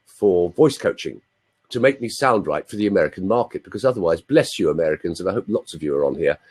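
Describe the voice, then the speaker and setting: A man's voice: deep voice, lively intonation, quick pace, darkish tone, breathy edge. A man in his sixties with an English accent, a voice coach telling stories in a playful, chatty way with asides to his audience, heard over a video call. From London, England. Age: 60s. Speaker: voice coach, interview guest. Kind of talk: anecdotal interview storytelling. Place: live online video chat room.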